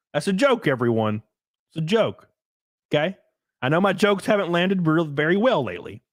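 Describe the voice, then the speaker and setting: A man's voice: fairly high pitch, dry recording, clean studio sound. A man hosting a casual solo livestream, rambling and crude, often laughing as he reads out chat comments. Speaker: livestream host.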